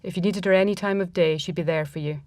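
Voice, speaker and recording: A woman reading a first-person story aloud in a reflective, measured manner. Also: lowish voice, fairly even intonation, a little mellow, dry recording.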